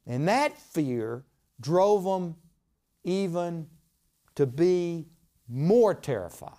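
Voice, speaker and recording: Animated preacher with a lively voice. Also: male voice, high-pitched. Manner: animated, dramatic storytelling with quoted voices. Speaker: pastor. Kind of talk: sermon.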